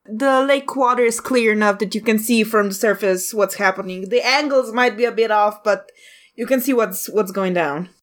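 A woman running a tabletop game as game master, describing scenes haltingly and calling for dice rolls. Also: medium pitch.

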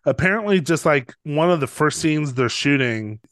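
Male podcast co-host, animated casual storyteller, dry close mic. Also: fairly high pitch, normal speed, dry recording. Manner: animated, acts out quoted people, laughs often.

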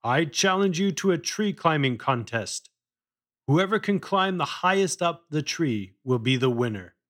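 A man voicing a boastful, gruff veteran male acrobat who growls and mocks. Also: fairly high pitch, expressive, measured pace, a bit bright, pitched above the performer's own voice. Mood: gruff, mocking. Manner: growling, mocking.

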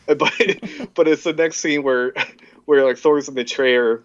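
A man co-hosting a casual movie podcast, talking in a relaxed way and laughing as he retells his favorite scenes. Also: mid-range voice, slow pace, muffled recording. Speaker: podcast co-host. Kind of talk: casual chat.

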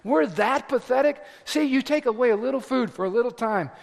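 Middle-aged male pastor, high tenor, animated sermon storyteller, reverberant hall sound. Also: fairly quick, gravelly. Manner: animated storytelling with shouted asides. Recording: echoey hall recording.

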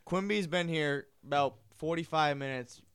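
A man's voice: a little high, moderate pace, a bit bright, smooth. A man co-hosting a podcast, retelling a cartoon scene in crude, profane casual banter. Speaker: podcast co-host.

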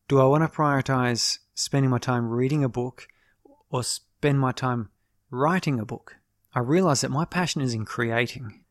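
A man hosting his own podcast, talking through ideas in a casual, reflective monologue and often pausing to correct himself. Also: medium pitch, no room sound, studio quality. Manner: thoughtful, explanatory, restarts and self-corrections.

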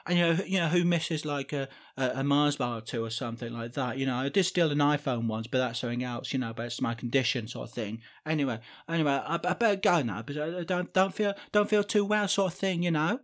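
A woman's voice: low-pitched, fast talker, few pauses, natural voice. A woman voicing an odd, creepy boy who hosts a spy podcast, rambling and awkward with lots of fillers. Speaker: podcast host.

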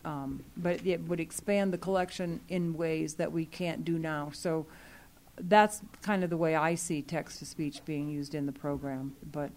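A woman with a fairly low voice speaks to a group in a meeting. She is earnest and explanatory, and her talk is full of fillers and restarts. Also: fairly even intonation, unhurried, a little mellow. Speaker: library program staff speaking to a user group. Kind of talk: meeting discussion.

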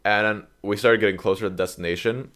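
Young man, lowish voice, casual storyteller, slangy, acts out dialogue. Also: quick pace, smooth. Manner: rambling, animated retelling with acted-out quotes; swearing, slangy. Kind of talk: casual chat.

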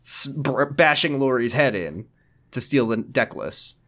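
A man's voice: medium pitch, expressive, unhurried, fairly bright tone. A man co-hosting a podcast, recapping a TV episode in a casual, joking, profane way. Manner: joking, profane, acts out characters' lines. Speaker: podcast co-host.

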